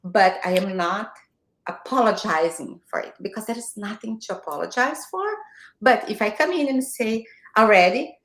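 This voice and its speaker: A woman's voice: mid-range voice, normal speed, a bit bright, reverberant. A woman from Brazil with a Brazilian Portuguese accent, whose first language is Portuguese, giving direct, encouraging advice as an interview guest on a video call. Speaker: guest, marketing mentor. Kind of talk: motivational interview talk. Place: home, morning video call.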